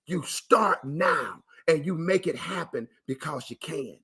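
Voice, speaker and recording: Male motivational speaker, higher register, emphatic folksy delivery with preacher-style repetition. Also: animated, takes it slowly, pushed and bright, husky. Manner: often addresses listeners directly, folksy. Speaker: motivational speaker for dialysis patients. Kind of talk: motivational talk. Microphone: live stream to viewers.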